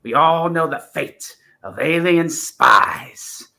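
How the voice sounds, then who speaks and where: A man's voice: slow, gravelly, bright, forceful tone, full character voice. A man doing an impression of the Doctor, an eccentric male time-travelling alien, breathless and theatrical. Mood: accusing. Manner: breathless, theatrical, swooping high. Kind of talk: amateur impression.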